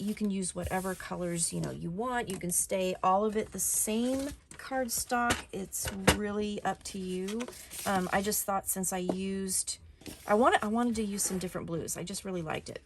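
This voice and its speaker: A woman at a craft desk explains each step of a paper project in a loose, chatty way, often pausing on an um or restarting a phrase. Her voice sits at an ordinary middle pitch. A faint hiss runs under the recording. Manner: chatty, relaxed, with frequent ums and self-corrections. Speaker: craft tutorial host. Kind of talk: casual step-by-step craft tutorial.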